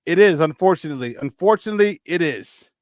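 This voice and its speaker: A man's voice: a little high, lively intonation, fast talker, darkish tone, dry recording. A man with a Chicago accent hosting a casual live-streamed sports talk show, riffing animatedly and greeting chat viewers by name.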